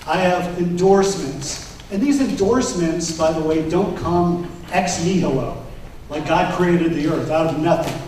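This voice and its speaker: A man gives a campaign speech to a room of delegates, his fairly high voice ringing through a very echoey hall. He sits back from the mic, and a faint hiss runs underneath. He tells his story with emphasis and lifts his voice when quoting others. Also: a little slow, a little mellow, recorded from a distance. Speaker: political candidate. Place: convention hall.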